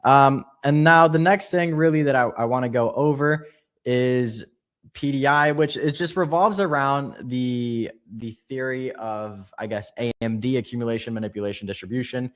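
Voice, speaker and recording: A man teaching a live online trading lesson, explaining quickly and casually with fillers. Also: medium pitch. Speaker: trading instructor.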